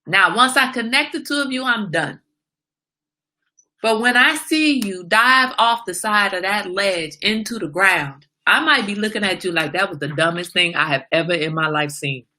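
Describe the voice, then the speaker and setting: A woman's voice: medium pitch, lively intonation, normal speed, pushed and bright. A woman hosting a casual livestream, talking emphatically and asking rhetorical questions, like a small sermon. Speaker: livestream host.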